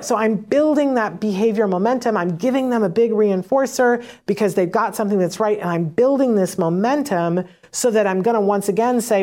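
A woman's voice: fairly high pitch, a little fast, hardly any pauses. Chatty woman explaining teaching tips. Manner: conversational, often checks in with "right?"; acts out short exchanges in a lively voice. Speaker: parent educator on autism teaching. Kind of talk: casual instructional talk.

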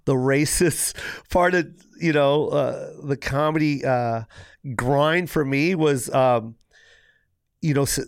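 A man's voice: medium pitch, slow, smooth, dry recording, clean studio sound. A middle-aged man, a guest comedian in casual podcast chat, telling stories with swearing and mimicked voices. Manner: animated storytelling with mimicked voices and frequent swearing.

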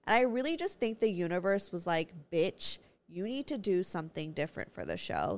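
A woman hosting her own podcast in a brash, bubbly, profane casual chat. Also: lowish voice. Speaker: podcast host.

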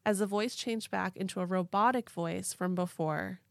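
A woman's voice: medium pitch, normal speed, creaky. A woman hosting a podcast, telling a story casually, cursing freely and laughing along. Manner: chatty, swears casually, laughs a lot. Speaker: podcast host.

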